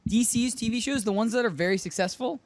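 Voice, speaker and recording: A man's voice: very high-pitched, quick pace, dry recording. A man co-hosting a casual pop-culture podcast, giving eager, rambling explanations. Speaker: podcast co-host. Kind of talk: casual chat.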